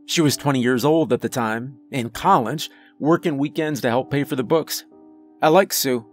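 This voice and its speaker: A man tells a horror story in the first person, his delivery measured and grave. His voice sits in a middle register, and faint music plays beneath him. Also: medium pitch. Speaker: narrator. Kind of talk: scripted horror story narration.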